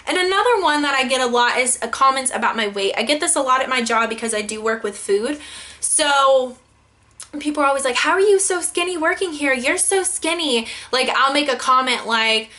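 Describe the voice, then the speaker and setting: A woman's voice: high voice, a little fast. A young woman vlogging about her pet peeves, exasperated and full of "like". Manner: exasperated, heavy use of "like", animated quoting. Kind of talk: casual ranting vlog.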